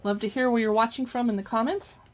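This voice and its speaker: A woman hosting a casual live cookbook look-through, chatty and reading recipe names aloud with quick reactions. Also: on the high side, steady tone, darkish tone, slight background noise. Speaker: cookbook reviewer livestreaming.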